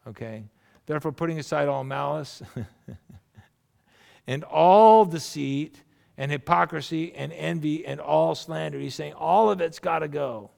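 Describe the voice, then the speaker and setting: A man preaching a sermon in a conversational, animated way, with asides and acted-out quotes. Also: fairly high pitch, a little slow, gravelly. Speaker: pastor.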